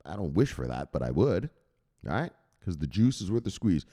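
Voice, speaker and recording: Blunt, animated man hosting crypto talk. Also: low voice, normal speed. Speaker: crypto news host. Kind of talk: casual vlog commentary.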